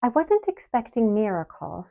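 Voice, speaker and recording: A woman in her sixties, the channel host, telling her personal story to camera in a slow, earnest way with soft laughs. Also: a little high, sing-song, creaky. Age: 60s.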